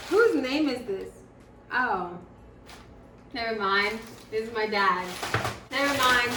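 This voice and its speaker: A woman's fairly high voice comes slowly, with frequent pauses, as she unboxes new gear at home for her vlog. She's excited and effusive, laughing a lot, and the recording is distant, echoey and noisy.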